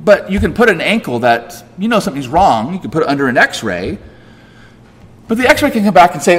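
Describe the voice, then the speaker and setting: A man's voice: big pitch swings, brisk, husky. A man preaching a sermon as pastor, emphatic and full of rhetorical questions, his voice rising and dropping sharply for stress. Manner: emphatic, rhetorical questions, big swings in pitch and loudness. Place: church sanctuary. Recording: long hall reverb.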